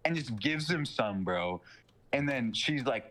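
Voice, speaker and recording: A young man in casual podcast chat, retelling a movie plot with slangy, profane excitement and quick mocking character voices. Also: medium pitch, slight background noise. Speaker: podcast co-host.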